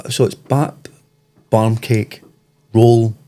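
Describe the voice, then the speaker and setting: A middle-aged Scottish man co-hosting a podcast in casual chat, spinning animated, rambling anecdotes. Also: on the low side, extremely slow. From Scotland. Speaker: podcast co-host.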